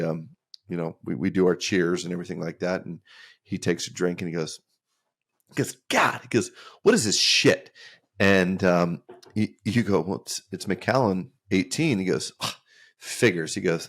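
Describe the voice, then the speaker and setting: A man co-hosting a podcast, telling a rambling anecdote with repeated words. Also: sits low. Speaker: podcast host. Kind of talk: casual podcast chat, storytelling.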